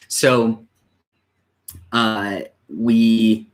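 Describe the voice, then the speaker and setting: A young man, a church youth pastor, telling a personal story in a casual, halting way, with many restarts and moments where he grows emotional. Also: fairly low pitch, fairly bright tone. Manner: emotional, near tears at times.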